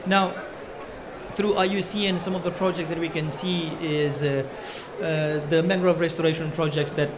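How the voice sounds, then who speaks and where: A man from Fiji answering as a panelist at a conference, speaking quickly and eagerly with many fillers. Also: fairly high pitch, steady tone, noisy background. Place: conference pavilion.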